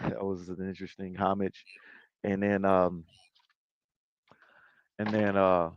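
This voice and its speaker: A low-pitched man talks loosely over a video call, stopping and restarting his sentences. The call audio sounds dull and lo-fi, with a dry, close sound. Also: flat delivery, no room sound. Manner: halting, restarts, laid-back slang. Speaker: interview guest, battle rapper and league owner.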